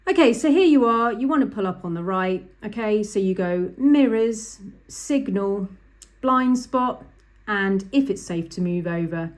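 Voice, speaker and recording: A woman's voice: on the low side, darkish tone. A woman, a driving instructor talking through a lesson over drawings, chatty and emphatic, repeating the key points.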